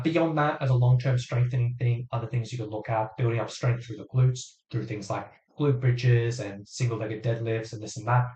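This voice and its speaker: Chatty fitness coach with a tiring voice. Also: male voice, mid-range voice, a little mellow. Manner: chatty, explains step by step with many fillers. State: voice going hoarse. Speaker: fitness coach hosting a live Q&A. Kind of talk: casual live-stream explanation. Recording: roomy echo.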